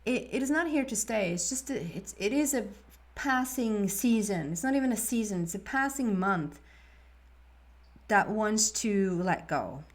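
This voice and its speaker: Woman, tarot reader, soft, meandering, restarts her sentences, mid-range voice. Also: medium pitch, animated, measured pace. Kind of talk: intuitive tarot reading.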